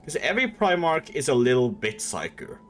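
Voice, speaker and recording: A man's voice: medium pitch, sing-song, a little fast, a bit bright, a little hiss or hum. A man streaming and casually retelling a story in a rambling, irreverent way, with swearing and laughter.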